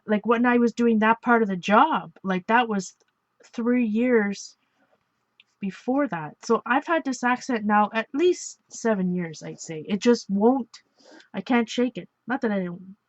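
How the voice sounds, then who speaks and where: Working on an art journal page, this Ontario woman rambles in relaxed crafting chat, frequently laughing and correcting herself. She speaks on the high side. The audio is dry and muffled.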